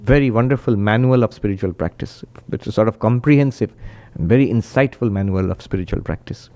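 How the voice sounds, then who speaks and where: A man, a monk, giving a spiritual talk and telling stories with animated quoted voices. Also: brisk. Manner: animated storyteller, raises pitch when quoting, laughs often.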